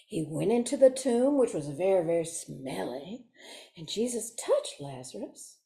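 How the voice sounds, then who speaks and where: A woman's voice: mid-range voice, very animated, unhurried, gravelly, warm tone, pitched below the performer's own voice. A woman playing a prim, fussy Sunday school teacher. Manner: lilting, prim, stagey digressions. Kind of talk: comic monologue performance.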